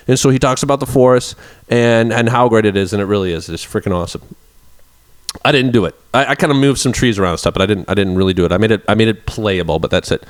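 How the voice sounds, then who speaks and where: A young man talks casually into his vlog at an ordinary middle pitch. He is animated and self-mocking, swinging between excited bursts and a mock-gloomy mutter. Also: clean tone. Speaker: indie game developer. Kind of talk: casual vlog reading out reviews.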